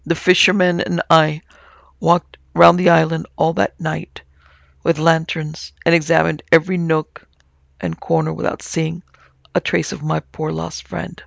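A man narrating a ghost story for an audiobook in a measured, even-toned way. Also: fairly high pitch, creaky, dry recording, dull audio. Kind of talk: scripted narration.

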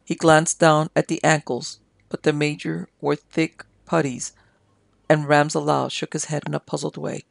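An audiobook narrator reading a story in a measured, dramatic way. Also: medium pitch, little pitch movement, gravelly, dry recording. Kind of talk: scripted narration.

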